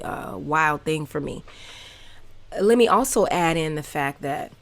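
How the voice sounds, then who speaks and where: Candid Southern-accented woman telling stories. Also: sits low. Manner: candid, animated, many fillers. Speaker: podcast host. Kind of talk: casual personal storytelling.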